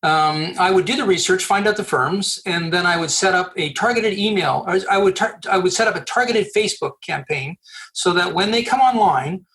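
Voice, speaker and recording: A man's voice: sits high, moderate pace. Man telling stories as a podcast guest. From Canada. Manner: animated storyteller, acts out dialogue, frequent restarts. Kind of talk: storytelling interview answers.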